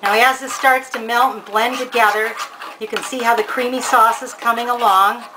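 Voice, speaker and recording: Woman, high voice, home cook, casual cooking demo, chatty, kitchen, background noise. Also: fairly even intonation, moderate pace. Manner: chatty and homey, addressing the viewer directly. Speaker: home cook presenting a recipe.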